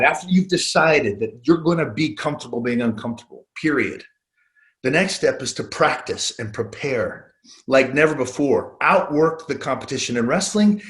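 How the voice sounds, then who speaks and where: A man's voice: medium pitch, lively intonation, normal speed, a bit bright. A man in his forties presenting a motivational sales webinar, earnest and story-driven, with frequent ums and uhs.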